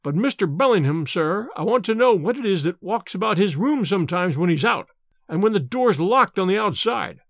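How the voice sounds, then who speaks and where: A man's voice: high voice, lively intonation, moderate pace, vocal fry, no room sound, studio quality. A man voicing a little wrinkled old manservant who is fretful and gossipy, talking with rustic grammar and nervous deference. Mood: anxious, confiding.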